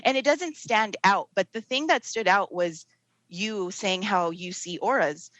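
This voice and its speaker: A woman's voice: medium pitch, unhurried, a bit bright, no room sound, rough recording. A woman in her thirties, a guest on a podcast, speaking candidly and at length with laughs between thoughts. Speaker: guest, TV producer and mother. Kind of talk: casual interview chat.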